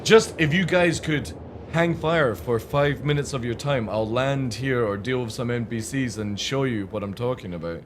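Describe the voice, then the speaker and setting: A man's voice: mid-range voice, normal speed, noisy background. An English man streaming a game, chatting to his viewers in a rambling way and swearing freely. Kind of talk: casual live-stream chat.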